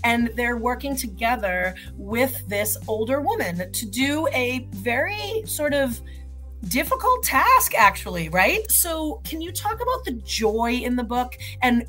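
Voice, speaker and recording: A woman book editor interviewing an author, asking questions in a warm, encouraging way. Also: fairly high pitch, rough recording. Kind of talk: video interview.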